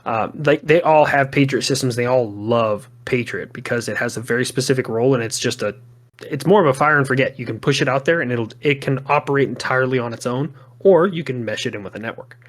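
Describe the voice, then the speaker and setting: A man's voice: mid-range voice, quick pace. American man, army instructor guest, blunt, confident, swears freely, casual chat. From United States.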